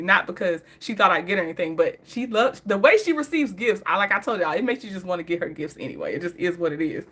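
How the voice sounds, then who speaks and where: A woman's voice: mid-range voice, sharp tone. A woman telling stories in a casual, chatty way, often laughing and talking straight to her viewers. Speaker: vlogger. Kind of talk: casual story time.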